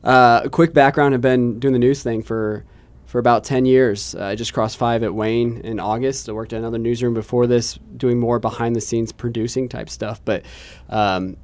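A man's voice: medium pitch, fairly even intonation, moderate pace, a little mellow. A man, a TV news reporter, chatting casually and telling a self-deprecating story with many restarts. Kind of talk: casual chat, telling an anecdote.

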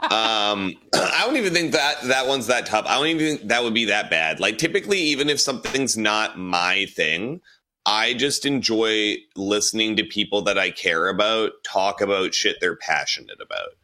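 A male podcast co-host chats casually and jokes candidly, swearing freely. His voice sits on the low side and sounds bright. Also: expressive, normal speed. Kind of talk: casual chat.

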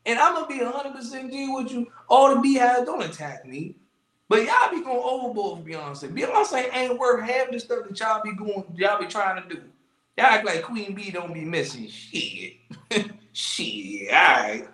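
A man co-hosting a podcast, animated and joking in heavy slang, in casual banter. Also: high voice, normal speed, echoey room, rough recording. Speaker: podcast co-host.

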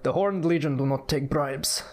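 A man voicing a proud, stern male legion warrior who speaks slowly and formally. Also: fairly high pitch, natural voice. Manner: slow, stiff, formal.

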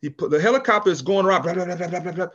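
A man's voice: sits high, rapid-fire, lo-fi sound. A man in his sixties, a business founder from California, telling a story in a casual interview and acting out the people in it. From California, USA. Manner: animated storyteller, acts out quotes, frequent restarts. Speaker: podcast guest, business founder.

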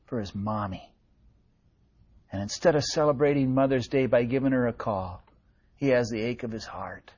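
Pastor, male, slightly high voice, earnest preaching with hushed drops, muffled church recording. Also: slightly rough. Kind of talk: sermon. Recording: dull lo-fi sermon recording.

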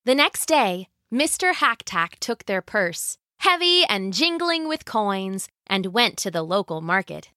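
A woman narrating a folk tale for listeners in an expressive, playful way. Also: mid-range voice, unhurried, hardly any pauses, no room sound. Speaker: storyteller.

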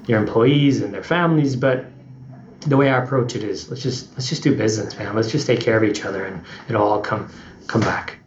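A man's voice: fairly low pitch, a little fast, roomy sound, lo-fi sound, slight background noise. A man being interviewed as a company CEO, telling stories in a casual podcast chat and acting out other people's lines as he goes. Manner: animated storyteller, acts out quotes. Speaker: guest CEO.

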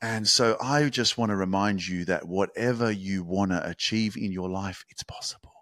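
A man hosting his own motivational podcast, talking intensely and swearing, sometimes building up to shouted hype. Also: low-pitched, moderate pace, no room sound, studio quality. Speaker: podcast host. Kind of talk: motivational monologue.

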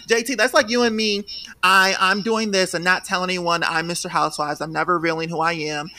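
A young man hosting a podcast, chatting about reality TV gossip in an animated, sassy way with sudden shrill outbursts. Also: brisk. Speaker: podcast host. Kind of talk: casual gossip chat.

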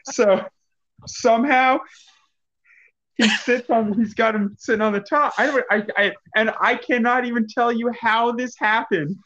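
A man's voice: extremely high pitch, steady tone, unhurried, fairly bright tone, highs cut off. A man casually telling a story on a podcast, laughing often as he goes. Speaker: podcast co-host.

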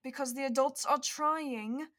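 A woman's voice: high voice, a little slow, pushed and bright, pitched above the performer's own voice. A woman voicing a strict father who coldly scolds children out of bed. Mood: stern. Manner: cold, reprimanding. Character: stern strict father Lucian.

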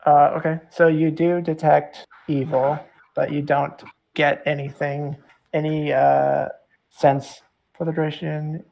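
A game master narrating a tabletop game, halting and full of fillers as they describe the scene and rule on spells. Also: mid-range voice, little pitch movement, gravelly, a little mellow, a little hiss or hum, poor audio.

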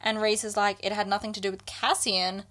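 A woman's voice: medium pitch, brisk. A woman chatting casually with a friend, retelling a book's scenes and acting out the characters' lines. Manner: animated, acts out characters' lines. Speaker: book podcast co-host. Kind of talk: casual chat retelling a book.

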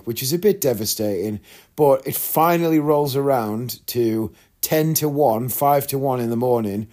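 A man's voice: medium pitch, a little mellow. Chatty man telling a candid story. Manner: chatty, candid, rambling with asides and quoted voices. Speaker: vlogger. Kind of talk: casual storytelling to camera.

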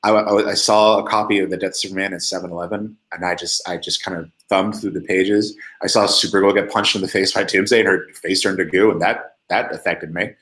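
A man co-hosting a podcast, telling stories in an animated way with many restarts. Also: sits low, fairly quick, hardly any pauses. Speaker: podcast co-host. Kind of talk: casual chat. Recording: echoey room.

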